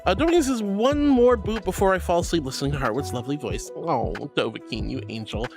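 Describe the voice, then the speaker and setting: A woman's voice: fairly low pitch, quick pace, creaky. A woman livestreaming who reads chat messages aloud and answers them in a bubbly, gushing, affectionate way, with squeals and baby talk. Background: faint music.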